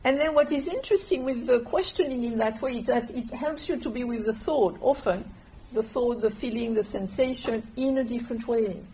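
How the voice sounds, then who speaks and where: A woman, gently guiding a meditation class in an unhurried, soft-spoken way. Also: a little high. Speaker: meditation teacher. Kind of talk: calm meditation instruction. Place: meditation hall with listeners. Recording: dull lo-fi room recording with faint hiss.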